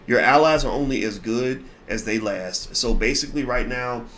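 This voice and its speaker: A man hosting his own commentary show, speaking bluntly and with emphasis in a mid-pitched voice. He talks in an unscripted way and restarts his sentences on repeated words as he pushes his point. There is a faint hiss of noise behind him. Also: normal speed, fairly bright tone. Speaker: host of a commentary channel. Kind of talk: commentary monologue.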